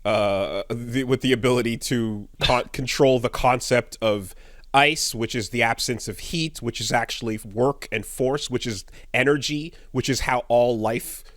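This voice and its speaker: A man's voice: mid-range voice, measured pace, a bit bright, no echo, clean studio sound. A man co-hosting a casual podcast chat, acting out scenes with sudden shrieks and laughter. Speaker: podcast co-host.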